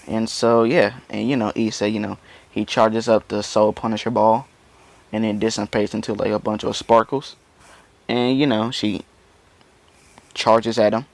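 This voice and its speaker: Gravelly man rambling through a story. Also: lowish voice, flat delivery, unhurried, pauses often, dry recording. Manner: rambling, full of "you know" fillers. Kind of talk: casual fan-story retelling.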